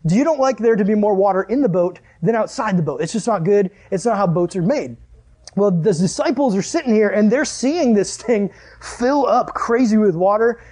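A young man gives a casual sermon, moving from a funny family story into a Bible passage. His voice sits high for a man, and he jokes with the room and plays every character himself. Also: moderate pace. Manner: animated, jokey, acts out the characters in his stories. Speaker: preacher.

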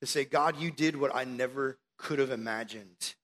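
A man preaching a sermon with animated storytelling, acting out the voices in the story. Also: medium pitch, moderate pace.

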